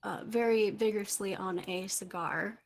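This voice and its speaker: A woman running a tabletop game, narrating in a loose, casual way. She laughs often and fills pauses with "uh.". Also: medium pitch, steady tone, gravelly, a little hiss or hum. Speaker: game master.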